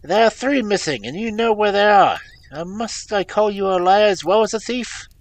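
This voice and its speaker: Guy doing an angry banker father yelling, voice up high and loud, dry audiobook sound. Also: expressive, moderate pace, no echo. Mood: enraged. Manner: loud raised shouting. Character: furious middle-aged banker father, shouting accusations.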